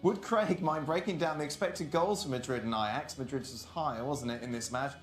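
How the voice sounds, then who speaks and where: A man's voice: medium pitch, fairly quick, faint music behind. A man hosting a studio panel show, reading out viewer questions and teasing his panel. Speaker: show host. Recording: roomy studio sound.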